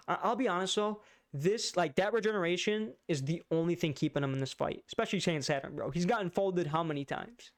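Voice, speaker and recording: A man's voice: on the high side, a little fast, few pauses. A man recapping and reacting to a manga chapter in casual commentary, full of slang, fillers and stutters.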